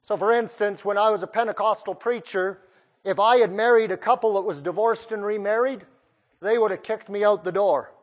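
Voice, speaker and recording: A male preacher delivering a sermon, putting pointed questions straight to his listeners. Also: high voice. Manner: questions the listeners directly, emphatic.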